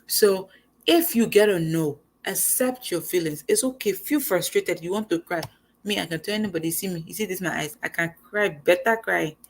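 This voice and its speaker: A young woman talks straight to her audience in a casual motivational chat. Her voice sits a little low, and she speaks in an animated, conversational way. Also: moderate pace. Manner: animated, conversational, acts out quoted lines. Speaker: host.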